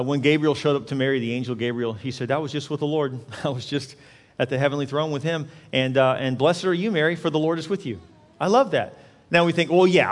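A pastor preaching a sermon, moving from hushed, intimate prayer to loud, impassioned exhortation. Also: male voice, mid-range voice.

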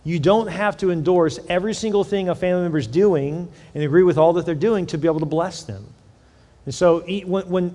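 A middle-aged man preaching a sermon, talking to his congregation in a relaxed, conversational way with lively stories and repeated words. His voice sits a little high for a man. The sound rings out with the long reverb of a large church hall. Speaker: pastor.

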